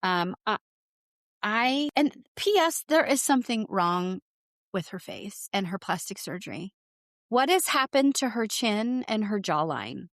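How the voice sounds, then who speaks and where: A woman's voice: medium pitch, sing-song, measured pace, no room sound, clean studio sound. Blunt, swearing woman podcast co-host. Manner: blunt and exasperated, swears freely. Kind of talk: casual chat recapping reality TV.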